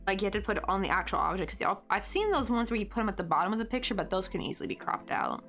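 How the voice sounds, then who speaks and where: A woman in her late twenties chats casually through a crafting live stream, drifting from one thought to the next with plenty of filler words and small chuckles. Her pitch sits in an ordinary middle range, and faint music plays softly underneath her. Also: sing-song, very fast. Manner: rambling, thinking aloud with many fillers; chuckles often. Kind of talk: casual chat.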